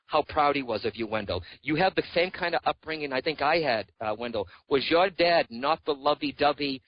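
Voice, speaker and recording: A psychic medium appearing on a radio show gives a reading, speaking earnestly and reassuringly and frequently using the caller's name. His voice is medium-pitched and expressive, fairly quick with hardly any pauses. The sound is lo-fi and dry, with no room sound.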